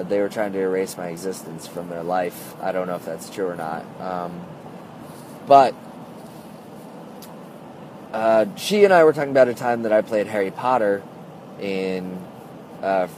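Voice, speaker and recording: A man's voice: low voice, measured pace, pauses often, darkish tone, a little hiss or hum. A man telling a story in a casual, rambling monologue, full of "like" and "uh", recorded on a phone. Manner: rambling, heavy use of "like" and "uh".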